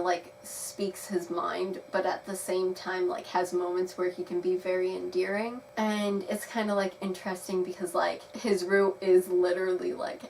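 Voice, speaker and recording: A young woman giving a chatty, rambling video review of a game, laughing now and then. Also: fairly low pitch. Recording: slightly distant mic with faint noise.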